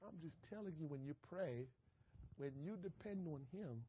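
A man preaching a conversational sermon, dropping to a hush and then rising to shouts, acting out little conversations and laughing at himself. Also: on the high side, lively intonation, moderate pace, breathy edge, muffled recording. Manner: conversational preaching with big swings from hushed to shouting. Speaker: pastor.

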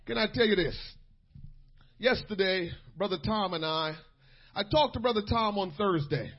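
With a strikingly high, husky voice, a man preaches a fervent sermon, sinking into a soft storytelling tone before rising to shouts. He fills pauses with "uh" and repeats words, and the recording sounds dull and lo-fi.

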